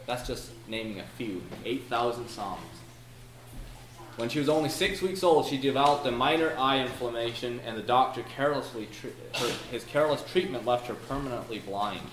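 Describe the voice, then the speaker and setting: A man's voice: mid-range voice, moderate pace, background noise. Folksy preacher man in an echoey room. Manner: folksy, storytelling delivery with prayers and verses. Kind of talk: sermon.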